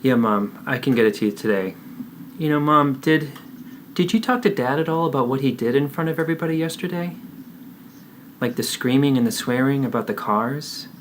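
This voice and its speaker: A man's voice: medium pitch, lively intonation, a little fast, a little hiss or hum. A man, therapist and host, acting out an adult child confronting a parent in a role-play, earnest and pleading.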